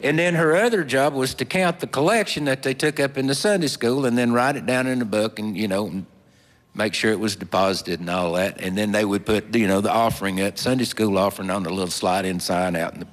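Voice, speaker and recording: A man telling a folksy story in a slow, drawling, homespun way with plenty of fillers. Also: lowish voice. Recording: long hall reverb.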